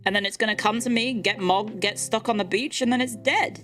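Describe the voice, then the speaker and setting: A woman's voice: medium pitch, fairly quick, a bit bright, soft background music. A young woman streamer chatting casually and boasting playfully, swearing freely as she answers viewer comments.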